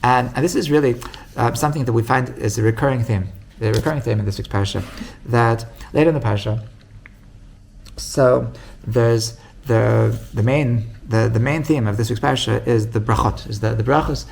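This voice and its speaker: Male rabbi, gravelly tone, energetic storyteller, many restarts, acts out quotes. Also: normal speed, a little hiss or hum. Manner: animated storytelling, acts out quoted voices with big pitch jumps; many restarts and repeated words. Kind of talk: storytelling Torah class.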